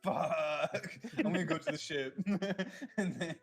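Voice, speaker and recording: A man's voice: fairly high pitch, unhurried, faint music behind. A man playing a tabletop game in casual chat, laughing through his lines. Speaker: player.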